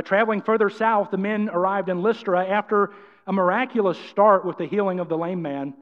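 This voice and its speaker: A man preaching a sermon with energy and emphasis, often acting out quotes. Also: sits high. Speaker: pastor. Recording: dull sound, long church-hall reverb.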